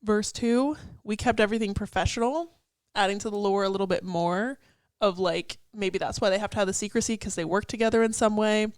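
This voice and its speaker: A woman's voice: medium pitch, a little fast, hardly any pauses, dry recording. Chatty young woman full of fillers. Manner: chatty, many "like" fillers, laughs and swears. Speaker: podcast co-host. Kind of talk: casual chat analyzing song lyrics.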